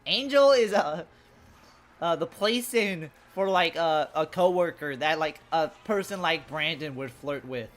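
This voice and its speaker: A young woman streams a game live and chats loosely with viewers, her voice low, expressive and a little slow. Jokey and profane, she curses often and calls everyone in chat bro.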